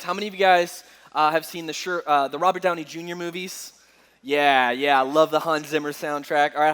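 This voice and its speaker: A young man giving a Christian apologetics talk, engaging a live audience with questions. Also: fairly high pitch. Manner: lively, engaging the crowd with questions. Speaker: Christian speaker.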